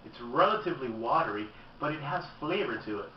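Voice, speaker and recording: A man chatting candidly through a beer review, sitting back from a camera mic in an echoey room. The sound is dull and lo-fi, with a faint hum of room noise behind him. His voice sits at an ordinary middle pitch. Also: expressive, a little fast. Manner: chatty and candid, tasting as he talks. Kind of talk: casual video review. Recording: roomy, distant, dull lo-fi camera audio.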